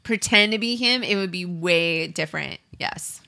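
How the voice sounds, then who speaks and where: A woman co-hosting a podcast, with a lowish but bright voice. She talks in a hesitant way and fills it with likes and ums. The sound is dry and close. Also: normal speed, gravelly, no echo. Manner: chatty, hesitant, full of fillers. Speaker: podcast co-host. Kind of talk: casual chat.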